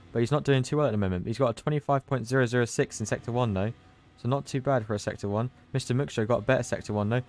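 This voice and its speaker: A man giving live commentary on an online racing qualifying session, chatty and loose, surging with excitement at the big moments. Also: mid-range voice. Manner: loose, chatty, with restarts and asides. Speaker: race commentator; team manager. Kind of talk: live esports race commentary.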